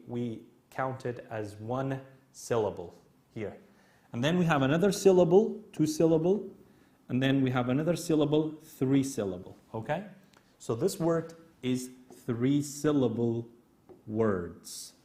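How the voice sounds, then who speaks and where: A man's voice: medium pitch, a little mellow. A man with a Kurdish accent, a native Kurdish speaker, teaching an English grammar lesson, explaining step by step and often checking in with "okay?". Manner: slow, repetitive explaining with many "okay?" checks.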